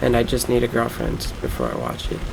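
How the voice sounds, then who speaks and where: A man's voice: mid-range voice, sing-song, a little fast, gravelly, a little mellow, slight background noise, low-quality recording. A young man from Florida talking casually over a game, rambling and cursing as he tells a boastful story. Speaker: gameplay streamer. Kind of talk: casual rambling gameplay commentary.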